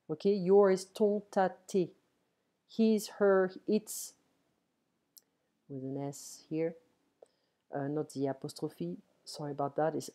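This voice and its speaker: A woman with a French accent giving a relaxed online French lesson, explaining step by step and checking in with frequent "ok"s. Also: fairly low pitch. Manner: explains slowly, switching between French and English, with frequent "ok". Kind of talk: casual one-on-one French lesson. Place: home. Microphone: computer mic on an online call.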